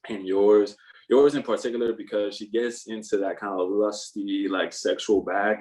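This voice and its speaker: A man's voice: on the low side, darkish tone, far from the mic, rough recording. A young man co-hosting a podcast, chatting casually and emphatically, often repeating himself to drive points home. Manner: emphatic, repeats phrases like "I'm telling you". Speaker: podcast co-host. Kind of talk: casual chat.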